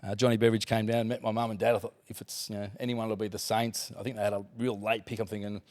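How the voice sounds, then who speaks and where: A man's voice: lowish voice, fast. A man in his forties with an Australian accent, a former footballer telling casual stories as a podcast guest, laughing often and swearing freely. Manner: laughing, swearing, animated anecdotes. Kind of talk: casual storytelling.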